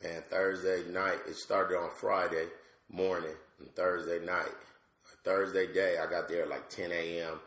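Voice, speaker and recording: A man with a very low, gravelly voice tells a comic story in a loose, casual way. He is from Georgia and jumps into acted voices as he goes. The room around him is echoey. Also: measured pace. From Georgia, USA. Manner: animated, acts out voices with big pitch jumps. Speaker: comedian guest.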